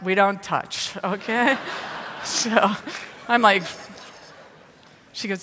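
A woman from the Midwest giving a lively storytelling talk to an audience. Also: mid-range voice, extremely slow, noisy background. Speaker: speaker at a ministry event. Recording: reverberant hall.

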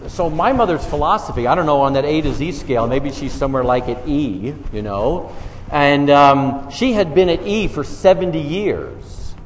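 This mid-range New Yorker pokes fun at himself while telling stories with quoted dialogue to a live crowd, as a speaker on faith conversations. The big hall gives a long, echoey reverb, and faint room noise sits underneath.

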